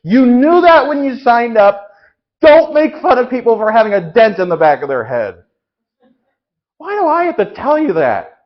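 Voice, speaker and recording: A man improvising an exasperated church leader who rants and swears loudly at his congregation in a live comedy show. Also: extremely high pitch, wildly swooping pitch, moderate pace, dull audio, pitched above the performer's own voice, heavily acted. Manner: ranting, loud, swearing at the congregation. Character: exasperated, foul-mouthed adult church leader.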